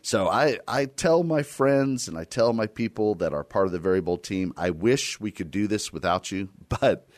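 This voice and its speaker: Playful deep-voiced man hosting a radio ministry. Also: expressive, normal speed, few pauses, no echo. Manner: playful, self-deprecating, jokey. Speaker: radio host. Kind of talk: radio ministry talk and fundraising pitch.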